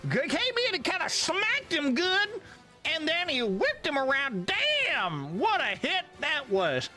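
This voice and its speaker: A man's voice: extremely high pitch, wildly swooping pitch, slow pace, bright, forceful tone, faint music behind, pitched above the performer's own voice, exaggerated voice. A man putting on the voice of a rambling old man who narrates fights in a folksy drawl, during a live game stream.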